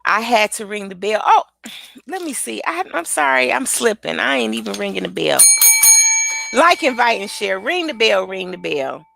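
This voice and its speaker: A woman hosting a casual motivational live stream, chatty and lively, talking straight to her viewers. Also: a little high, moderate pace, creaky.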